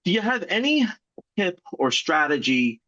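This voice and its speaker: A man with a fairly high voice asks a question during a live workshop, starting over and repeating his words. The sound is dull and dry. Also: very animated, measured pace, bright, forceful tone, no room sound. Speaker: co-host asking questions.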